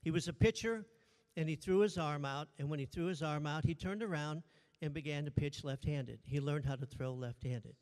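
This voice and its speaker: A man's voice: a little high, moderate pace, darkish tone. A man preaching a sermon as pastor, joking playfully with the congregation. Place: church sanctuary. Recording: long church reverb.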